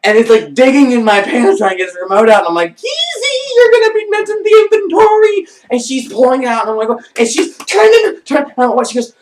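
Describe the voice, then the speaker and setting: A man telling a comic anecdote in an animated way, breaking into squealing voices. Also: very high voice, fast, hardly any pauses, distant mic, slight background noise. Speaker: vlogger. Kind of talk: comedic storytelling. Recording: echoey room, voice off-mic.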